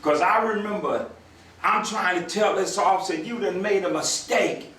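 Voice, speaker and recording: Older male speaker, lively storyteller who acts out voices, recorded from afar in a roomy hall. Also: high voice, moderate pace, distant mic. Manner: animated storyteller, acts out voices, laughs with the crowd. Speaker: retired U.S. marshal, speaker. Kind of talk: storytelling speech to an audience.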